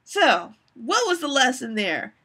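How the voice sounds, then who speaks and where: A woman's voice: high voice, very animated, a little slow, pushed and bright, slightly rough. A woman in her forties, talking candidly and rambling with frequent restarts as she hosts her own live stream. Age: 40s.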